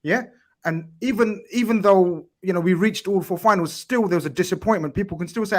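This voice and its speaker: A man's voice: high voice, fairly quick. A man with a London accent arguing his side hard in a casual football debate. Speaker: podcast panelist.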